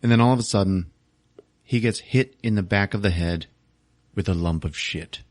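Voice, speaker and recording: A man's voice: deep voice, normal speed, dry recording, studio quality. A male podcast host casually recapping a movie, swearing, laughing and acting out the scenes. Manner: crude, laughing, acts out scenes.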